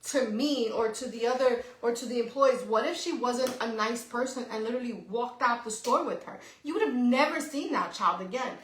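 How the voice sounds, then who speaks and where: A middle-aged woman co-hosting a podcast, telling a story in a lively, casual way, swearing freely and tagging "right?" onto her sentences. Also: fairly high pitch, brisk, hardly any pauses, a little hiss or hum. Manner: animated, swears freely, says "right?" often. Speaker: podcast co-host. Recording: echoey room.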